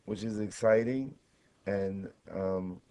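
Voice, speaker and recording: Low, dark-voiced man musing slowly. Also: rough recording. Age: 30s. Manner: reflective, halting, many "you know" fillers. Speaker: guest musician. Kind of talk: relaxed radio interview. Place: radio studio.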